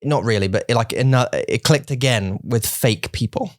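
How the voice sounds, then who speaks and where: A man's voice: mid-range voice, normal speed, no room sound. Guy rambling on his podcast, lots of restarts, mixes in mandarin bits, dry close mic. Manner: joking, self-deprecating. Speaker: podcast co-host. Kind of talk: casual chat.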